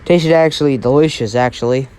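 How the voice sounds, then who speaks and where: Brief: a casual male storyteller, rambling and unscripted, average pitch. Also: brisk, a little mellow, smooth. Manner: rambling, filler-heavy, restarts lines.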